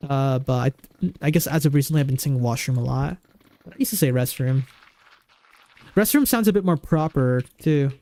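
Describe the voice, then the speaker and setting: A man's voice: medium pitch, moderate pace, pauses often, mellow, no echo. A man streaming a game live, chatting casually and rambling while he answers viewers' questions at a desk microphone.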